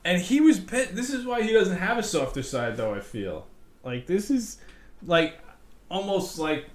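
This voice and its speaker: A man's voice: mid-range voice, echoey room. A man co-hosting a podcast, recapping a TV show in a casual, profane chat and laughing often. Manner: profane, laughing, acts out characters' lines. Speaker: podcast co-host.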